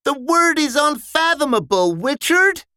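A man voicing a pedantic elderly soldier with a very high, shouty voice. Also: huge pitch swings, slow pace, dry recording, clean studio sound, full character voice. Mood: brusque.

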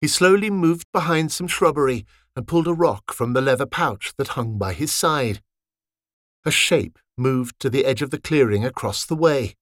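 Expressive male storyteller, lively pitch. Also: moderate pace, no room sound, studio quality. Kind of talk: read-aloud fantasy story narration.

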